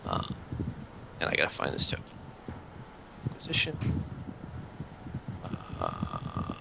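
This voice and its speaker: A man's voice: lowish voice, gravelly, sharp tone, clean tone, rough recording. A man running a tabletop game as game master, narrating casually with lots of hesitations. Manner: casual, hesitant with many fillers.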